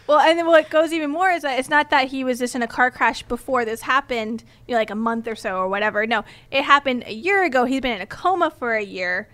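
A woman's voice: sits high, fast talker, few pauses, fairly bright tone. Chatty woman telling a story. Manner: explains step by step with many ums and restarts. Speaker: podcast co-host presenting the story. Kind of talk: casual chat.

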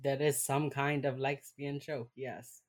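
Podcast co-host, woman, Miami accent, unusually low voice, casual and profane. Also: little pitch movement, unhurried. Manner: swearing, chatty, slips into quoted voices while retelling. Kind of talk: casual chat recapping a show.

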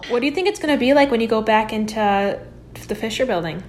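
A woman's voice: on the high side, fast talker, slight background noise. A young woman, a college radio DJ hosting a podcast, chatting eagerly with lots of "like.". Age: young adult. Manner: chatty, eager, many "like" fillers. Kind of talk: casual chat.

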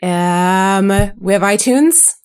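A woman with a medium-pitched voice co-hosts a casual podcast, chatty and quick to laugh. She talks loosely and easily while plugging the show. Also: expressive, a little mellow, clean tone. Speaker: podcast co-host.

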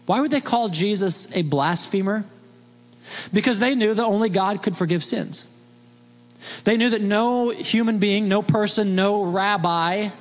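A man preaching a sermon as pastor, emphatic and fond of rhetorical questions. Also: sits high. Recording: long reverb of a large hall.

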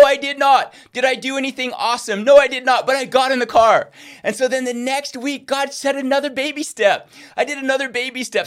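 A middle-aged man preaching a sermon, telling a personal story and acting out the voices he quotes. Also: very high-pitched. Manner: animated, acts out quoted voices.

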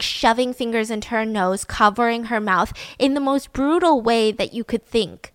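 A woman's voice: fairly high pitch, a bit bright, dry recording. A woman hosting a podcast, telling a true-crime story in a casual, emphatic way with lots of "like". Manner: chatty, emphatic, full of "like". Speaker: podcast host.

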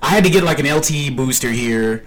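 A man with a middling pitch co-hosting a relaxed podcast conversation. He walks through his points patiently, one step after another, in an easygoing chat. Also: quick pace. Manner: explains things step by step. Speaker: podcast co-host. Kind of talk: casual chat.

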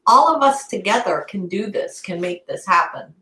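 A woman of middling pitch co-hosts a casual chat, warm and easily moved to tears. The room adds a noticeable echo. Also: animated, moderate pace. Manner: warm, tearful, laughs easily. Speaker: co-host. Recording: echoey room.

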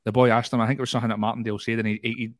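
A man's voice: mid-range voice, little pitch movement, racing, no room sound. A Scottish man chatting casually on a football podcast, rambling with hesitations. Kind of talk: casual chat.

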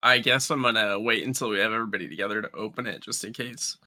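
A man's voice: on the low side, fast, sharp tone. A man playing a tabletop game over a video call, talking in a matter-of-fact, dry-humored way. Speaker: player. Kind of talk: casual play over a call.

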